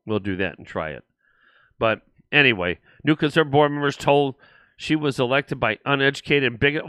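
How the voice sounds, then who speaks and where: A man hosting a casual political talk show, stressing words with slow sarcastic emphasis. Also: medium pitch, fairly bright tone, clean tone, no echo. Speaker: show host.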